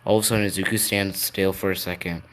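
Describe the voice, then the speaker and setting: A man's voice: sits low, level tone, fast talker, a bit bright, a little hiss or hum. A man improvising a fan story, rambling and correcting himself as he goes.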